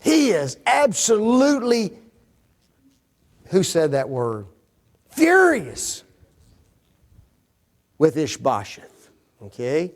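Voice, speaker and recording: A man's voice: high-pitched, huge pitch swings, drawn-out words, long pauses. A man teaching a Bible class lesson, quizzing his audience with fill-in-the-blank questions and folksy, joking asides.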